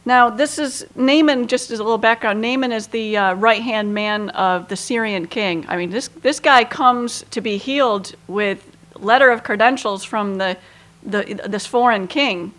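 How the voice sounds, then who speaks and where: Woman with a slightly high voice teaching scripture, casual and chatty, lots of you-knows. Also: unhurried, a bit bright. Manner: conversational, lots of you-knows, acts out quoted lines with feeling. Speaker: Bible teacher. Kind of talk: informal Bible teaching.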